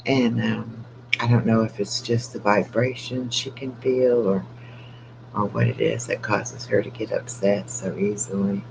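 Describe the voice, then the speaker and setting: A man's voice: lowish voice, steady tone, a little slow, vocal fry. An older man chatting casually on a late-night live stream with his dog, keeping his voice down so he won't wake the house. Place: home at night. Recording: dull lo-fi with faint hum.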